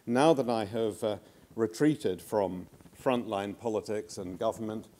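An older man giving a conference speech as a former government minister, measured and anecdotal, with frequent hesitations. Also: fairly low pitch, mellow, slight background noise.

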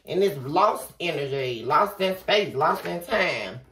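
A woman giving a casual tarot reading, talking straight to the viewer in an animated way and swearing freely. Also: low-pitched, unhurried. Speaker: tarot reader. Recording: echoey room from far off, faint noise.

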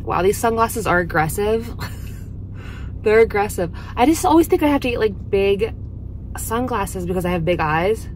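A woman's voice: mid-range voice, slight background noise. A woman talking casually to camera in a day-in-my-life vlog, chatty and blunt, swearing freely. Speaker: vlogger.

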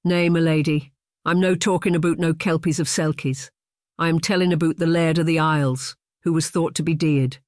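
A narrator voicing a timid, fearful Scottish maidservant in a frail, tentative voice with a Scottish accent. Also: female voice, deep voice, fairly even intonation, normal speed, a little mellow, no echo, clean studio sound, close to an everyday voice. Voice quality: frail, trembling.

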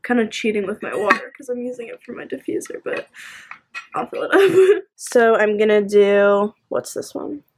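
A woman's voice: medium pitch, very animated, normal speed, slight background noise. A young woman talking casually to camera in a home vlog, filling her talk with "like" and "um". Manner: chatty, lots of "like" and "um". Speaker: vlogger. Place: at home, bedroom.

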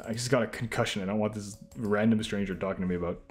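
A man streaming himself taking online quizzes, reacting out loud with sarcastic, self-mocking commentary. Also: on the low side, fairly even intonation, fast.

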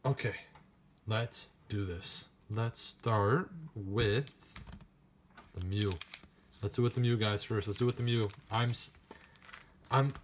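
A man narrating as he opens trading card packs on camera, excited and chatty, speaking straight to his viewers. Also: fairly low pitch, slow, long pauses, a little hiss or hum. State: nervous and shaky. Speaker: card-opening vlogger. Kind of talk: casual unboxing narration.

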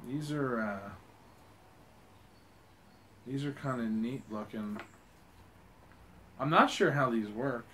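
Young guy unboxing stuff, swears a ton when excited, rambly, mid voice, bit of hiss. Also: mid-range voice, takes it slowly, long pauses. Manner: excitable, swears a lot, rambling with many fillers. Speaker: vlogger unboxing a fan package. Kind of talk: casual unboxing commentary.

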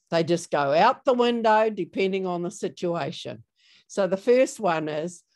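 A woman's voice: low-pitched, a little mellow. A woman giving an online training talk over a video call, chatty and storytelling, with many fillers. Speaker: workshop presenter.

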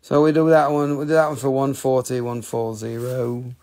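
A man hosting a live sales stream, chatty, profane and excitable, his voice getting scratchy after hours of talking. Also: medium pitch, normal speed. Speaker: host selling rocks and gems on a live stream.

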